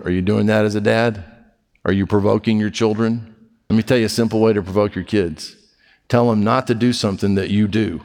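A pastor delivering an animated sermon, swinging between loud emphatic scripture reading and quiet, soft asides. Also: male voice, on the low side, a little fast. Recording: long hall reverb.

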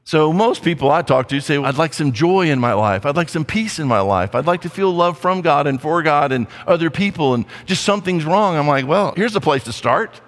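A man's voice: a little high, expressive, fairly quick, hardly any pauses. A male pastor preaching a sermon in a blunt, conversational way, with playful asides. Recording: long hall reverb.

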